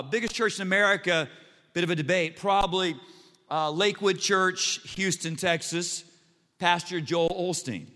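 High, bright-voiced male pastor preaching. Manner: animated, self-mocking humor. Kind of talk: sermon. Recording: long reverb in a large church hall.

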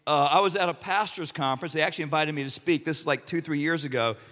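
Talking fast in a high-leaning, somewhat bright voice, a middle-aged pastor delivers a sermon to a live congregation in the sanctuary. His storytelling is full of humor and asides to the audience, with long hall reverb on the recording.

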